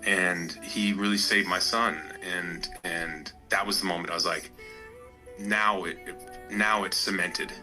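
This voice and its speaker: A man giving an earnest, halting personal faith testimony. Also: low-pitched, steady tone, sharp tone, faint music behind, low-quality recording.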